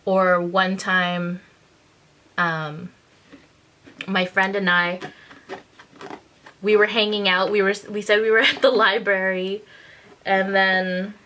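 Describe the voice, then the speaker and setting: Casual vlogger, woman in her 30s, bright tone, laughs a lot, acts out quotes. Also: medium pitch, little pitch movement, takes it slowly, long pauses, slight background noise, poor audio. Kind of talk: casual confessional storytelling.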